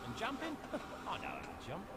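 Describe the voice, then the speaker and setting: A man's voice: high voice, wildly swooping pitch, moderate pace, gravelly, full character voice. An actor playing a sarcastic, self-centred young male bard hero in a video game, talking in a sardonic, mocking way. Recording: game audio under loud noise.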